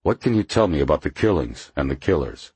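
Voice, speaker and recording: A male narrator voicing a calm FBI agent who speaks in a measured, deliberately casual way. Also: rumbling low, breathy edge, dry recording, full character voice.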